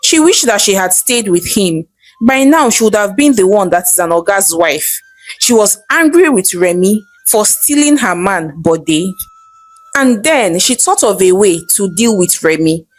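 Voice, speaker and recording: A woman with a Nigerian accent narrating a folktale in a lively, chatty way. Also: medium pitch, unhurried. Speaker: storyteller. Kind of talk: storytelling narration.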